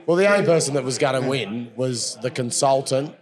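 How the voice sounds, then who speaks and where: A man's voice: medium pitch, a little fast. A tipsy Australian man hosting a podcast, bantering and swearing constantly as he interviews guests. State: a bit tipsy. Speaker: podcast host. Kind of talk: casual conference interview. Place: busy conference floor. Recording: crowd chatter behind.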